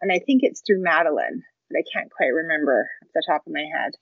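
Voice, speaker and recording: A woman's voice: low-pitched, animated, fast, gravelly, no room sound. A woman casually summarizing a book's story in a book discussion, in a dry, slightly muffled recording. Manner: chatty, informal summarizing. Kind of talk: casual chat.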